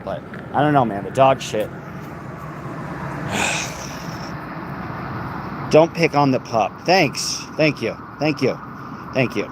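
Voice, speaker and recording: A man's voice: fairly high pitch, expressive, unhurried, long pauses. Man livestreaming on a noisy street. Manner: frustrated, swearing, heated then reading chat. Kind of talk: casual live stream chat. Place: outdoors on a city street. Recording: phone mic with loud street traffic. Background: street and traffic noise.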